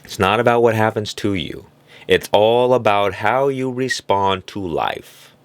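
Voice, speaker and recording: A man's voice: fairly low pitch, unhurried, clear, resonant tone, dry recording. A man giving a reflective motivational monologue, illustrating his points with little stories and acted-out voices. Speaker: self-help speaker.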